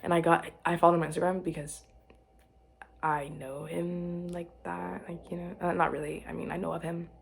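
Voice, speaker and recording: A young woman chatting to camera about her life, rambling and restarting, giggling and dropping to quiet murmurs. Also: on the low side, flat delivery, moderate pace, gravelly, slight background noise. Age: young adult. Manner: rambling, self-interrupting, giggly, drops to murmurs. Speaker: vlogger. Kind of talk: casual chat to camera.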